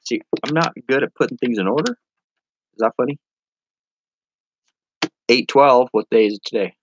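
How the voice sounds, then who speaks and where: A man hosting a casual live stream, rambling and joking as he reads viewer comments, with sudden playful jumps into a high voice. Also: moderate pace, muffled recording, a little hiss or hum. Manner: silly, playful with sudden high-pitched bursts.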